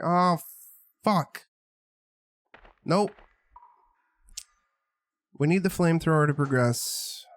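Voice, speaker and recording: A man's voice: mid-range voice, a little mellow. Profane, rambling male game streamer. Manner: rambling, profane, jokey, talks to chat. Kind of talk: casual gameplay commentary.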